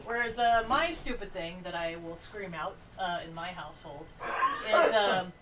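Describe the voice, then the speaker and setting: A woman's voice: fairly low pitch, moderate pace. A woman on a podcast telling a funny story in casual chat, often laughing. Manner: giggly, expressive storyteller. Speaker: podcast co-host. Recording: distant mic with faint noise.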